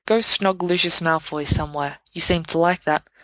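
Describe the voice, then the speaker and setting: A woman's voice: lowish voice, fairly even intonation, a bit bright, no room sound, lightly acted. A woman reading aloud, voicing a hot-tempered teenage boy wizard who grinds out his words with scorn. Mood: scornful. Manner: tight, scornful, quick to anger.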